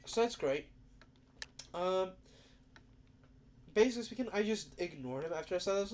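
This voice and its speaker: Stuffy nose, rambling gameplay commentary, lots of fillers, mid pitch, clacking keyboard and clicks behind. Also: expressive, normal speed, long pauses, background noise. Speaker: gaming video creator. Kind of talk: casual commentary over gameplay. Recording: loud keyboard typing and clicks.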